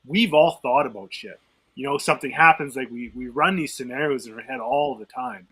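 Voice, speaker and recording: Husky, bright-voiced man thinking aloud. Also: a little high, big pitch swings, fairly quick, low-quality recording. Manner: thinks aloud, many fillers and restarts. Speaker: podcast co-host. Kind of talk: casual discussion.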